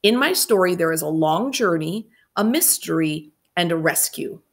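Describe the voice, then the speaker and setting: A woman's voice: lowish voice, animated, normal speed. A woman voicing a bossy, self-assured schoolgirl storyteller. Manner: firm, precise, self-assured.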